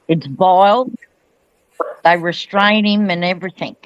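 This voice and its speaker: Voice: medium pitch, unhurried, long pauses, slight background noise, rough recording. A panel host describing a video in casual, indignant commentary. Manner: indignant, conversational.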